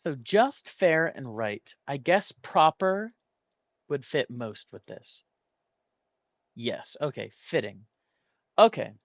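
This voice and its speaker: Man solving a word puzzle aloud, unhurried and hesitant, dry close sound. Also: mid-range voice, very animated, vocal fry, no room sound, lo-fi sound. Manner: muses aloud, hesitant, weighs options slowly. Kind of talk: thinking aloud while playing.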